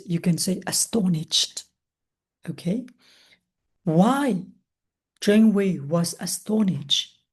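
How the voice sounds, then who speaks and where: A woman teaching English, reading a story aloud slowly and stopping to explain new words, asking questions and answering them herself. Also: medium pitch, darkish tone, slightly rough. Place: language school classroom.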